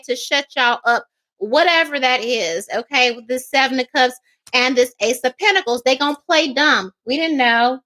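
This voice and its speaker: A woman's voice: sits high, bright, forceful tone. A woman doing a livestream tarot reading, talking in a sassy, emphatic way with laughs and mocking asides. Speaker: psychic tarot reader.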